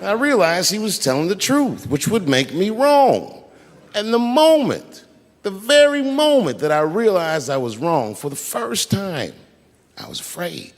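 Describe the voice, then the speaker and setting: A man doing stand-up comedy, telling a story in an animated, profane way. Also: high voice, measured pace, in a large hall.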